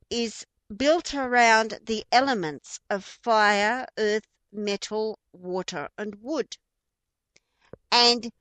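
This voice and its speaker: Aussie lady explaining stuff real slow, lots of ums and restarts, dry close sound. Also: fairly high pitch, fairly bright tone, dry recording. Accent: Australian. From Australia. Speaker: feng shui teacher. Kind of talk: informal spoken lesson.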